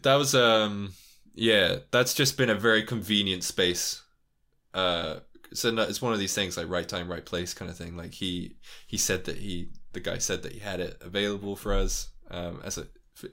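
A man's voice: sits low, steady tone, normal speed, gravelly, sharp tone. A young man in a casual interview, rambling, laughing often and swearing freely. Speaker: YouTuber guest.

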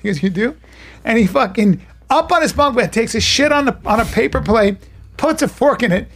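A man with a high, gravelly voice, chatting loosely and telling crude stories. He rambles from one anecdote to the next in a relaxed podcast conversation. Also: fairly quick, faint music behind. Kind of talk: casual chat, storytelling.

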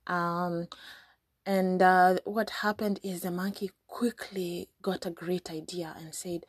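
A woman's voice: fairly low pitch, level tone, slow pace, slightly rough, dry recording, studio quality. A woman from Kenya hosting a podcast, chatty and casual as she retells a folk story with lots of fillers. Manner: chatty, frequent fillers and restarts. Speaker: podcast host.

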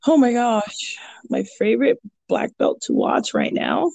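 Chatty, gravelly-voiced woman telling stories. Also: fairly high pitch, unhurried, dry recording. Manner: rambling, animated, many fillers and restarts. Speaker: jiu-jitsu purple belt and kids' coach. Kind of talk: casual podcast chat, storytelling.

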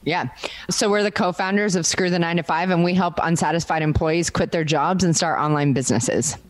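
A woman's voice: fairly low pitch, a little fast, no room sound. A woman from Canada, a podcast guest and business co-founder, speaking in a teasing, playful, direct way. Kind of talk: casual conversation.

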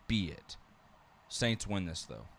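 A man co-hosting a casual sports podcast, talking fast and teasing his partner as he makes his game picks. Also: low voice, sing-song, fairly bright tone. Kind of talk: casual sports-betting chat.

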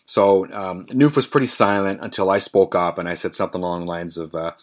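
A man's voice: low-pitched, steady tone, fairly quick. A man in his forties hosting a podcast, telling a long story in a rambling, profane way with many fillers. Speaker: podcast host.

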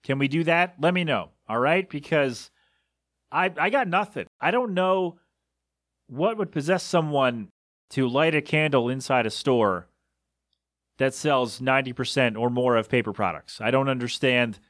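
A man's voice: mid-range voice, normal speed, a bit bright, dry recording, studio quality. A man hosting a solo podcast, ranting in disbelief with rhetorical questions and coughing a bit. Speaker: podcast host.

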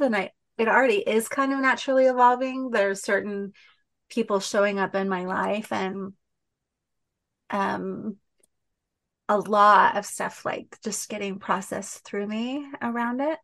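A woman's voice: mid-range voice, fairly even intonation, a little slow, a bit bright. A woman hosting a podcast, chatting casually and rambling with many fillers and restarts. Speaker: podcast host. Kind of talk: casual heartfelt chat.

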